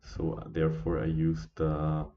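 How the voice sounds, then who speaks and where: A tired man hosts a live trading stream in a very deep voice. He talks slowly and haltingly, with fillers and restarts. The audio is dull and lo-fi. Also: monotone, a little hiss or hum. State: sleepy, yawning. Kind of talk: casual live trading commentary.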